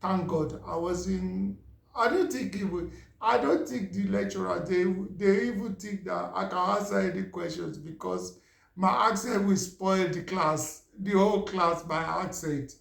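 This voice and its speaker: A man's voice: high voice, measured pace, creaky. A middle-aged Nigerian man, a Yoruba speaker, telling a casual story in a chatty way and often asking "you understand?". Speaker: vlogger. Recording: roomy echo.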